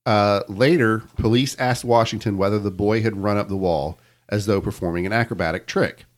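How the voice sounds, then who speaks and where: A man hosting a podcast, reading a news account aloud to his co-hosts in a measured storytelling way. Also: fairly low pitch. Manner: measured storytelling with quoted reports. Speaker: podcast host telling the story.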